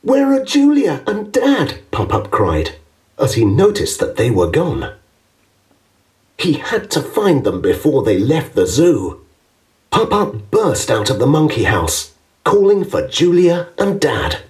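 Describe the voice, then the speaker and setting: Slow, expressive male storybook narrator. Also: medium pitch. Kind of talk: children's story reading. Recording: distant, with background music.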